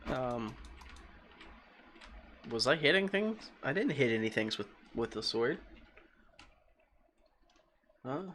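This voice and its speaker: A young man streaming a game, rambling and joking in a casual, often quiet voice, talking into a desk microphone at home. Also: medium pitch, lively intonation, takes it slowly, long pauses, slight background noise. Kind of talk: casual gaming stream commentary.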